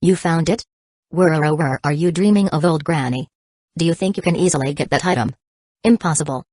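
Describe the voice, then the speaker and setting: A woman's synthetic voice voicing a quick-tempered, threatening male pirate emperor in a storybook reading. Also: low voice, darkish tone, husky, no room sound. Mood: angry scornful.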